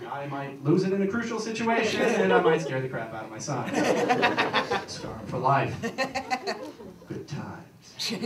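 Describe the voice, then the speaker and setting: High, animated young stand-up comedian. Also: male voice. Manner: rambling, self-mocking storytelling. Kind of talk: stand-up routine. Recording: echoey room, distant mic, noisy.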